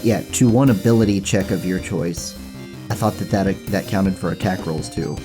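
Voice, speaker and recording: A man with a very deep voice plays in a tabletop game. He talks in a casual, easygoing way and checks the rules now and then. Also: normal speed, over music. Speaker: player.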